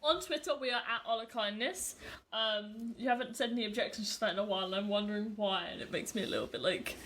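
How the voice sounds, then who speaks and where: A woman's voice: medium pitch, fast talker, fairly bright tone, a little hiss or hum. A tired woman co-hosting a podcast in casual chat, giggly and self-deprecating. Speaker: podcast co-host.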